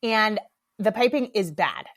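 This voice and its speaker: A woman's voice: medium pitch, lively intonation, unhurried. Middle-aged woman talking solo on her podcast, chatty and frank, swears casually, laughs at herself a lot. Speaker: podcast host.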